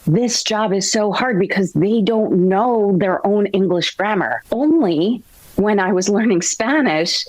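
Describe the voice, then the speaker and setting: A woman being interviewed as a grammar expert, telling lively classroom stories. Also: mid-range voice, a little slow, no echo, low-quality recording. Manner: storytelling, animated quotes. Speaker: guest, grammar expert and author. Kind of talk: interview conversation.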